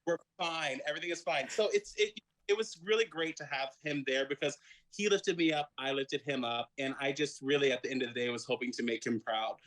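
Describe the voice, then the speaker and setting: A man's voice: mid-range voice, a little fast, fairly bright tone, rough recording. A man, an actor guesting on a podcast interview, talking in a rambling way with lots of restarts. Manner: rambling, full of restarts and fillers. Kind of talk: casual interview chat.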